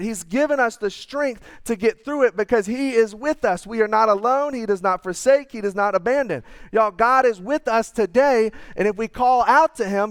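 Man, 30s, pastor, earnest conversational sermon, high voice, dry close sound. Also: clear, resonant tone, dry recording. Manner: conversational, earnest, drops to quiet asides.

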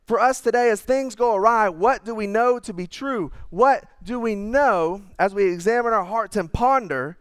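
A man, preaching a sermon in a conversational, earnest way, sometimes dropping to quiet asides. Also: sits high, normal speed, few pauses, clear, resonant tone, no echo, studio quality. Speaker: pastor.

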